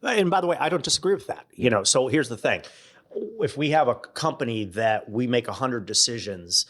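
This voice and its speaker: A middle-aged man, a podcast guest, telling stories in a relaxed conversational way and acting out other people's lines. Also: medium pitch, fairly quick. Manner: animated, quotes others in acted-out dialogue. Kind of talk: conversational storytelling.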